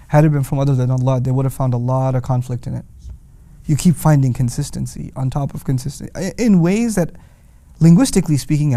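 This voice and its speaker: A man lectures on the language of the Quran with animated emphasis, pressing his points with rhetorical questions. His voice sits a little high for a man. The sound is dry and close, with no room around it. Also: no room sound. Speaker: Quran teacher.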